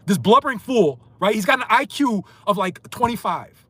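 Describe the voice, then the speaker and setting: A man's voice: high-pitched, expressive, normal speed, slightly rough, dry recording. Angry man ranting on a livestream. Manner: angry, insulting, swings between loud and muttered. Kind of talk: heated livestream rant.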